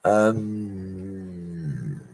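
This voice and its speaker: A man's voice: deep voice, animated, drawn-out words, gravelly, a little mellow. A man, chatting casually on a livestream, reading viewers' comments and laughing often. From England. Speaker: bricklayer livestreamer.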